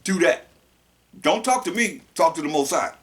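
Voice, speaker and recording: A man teaching a sermon. He reads verses slowly and explains them in loose casual talk, often repeating words and phrases. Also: on the high side, expressive, a bit bright. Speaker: preacher.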